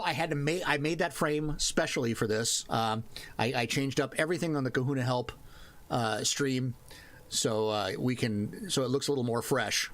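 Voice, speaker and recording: A man's voice: medium pitch, fairly bright tone. A man hosting a casual livestream, chatting playfully with his viewers and greeting them as they arrive. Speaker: livestream host.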